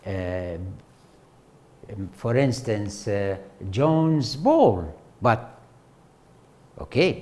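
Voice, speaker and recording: A man, a native Arabic speaker, lectures in English at an unhurried pace, his pitch rising and falling in a lively way. He speaks in halting stretches, full of fillers and repeated words. He often turns to the class with questions as he teaches. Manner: slow, halting delivery with many fillers and repetitions, asks the class questions. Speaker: university lecturer. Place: lecture hall.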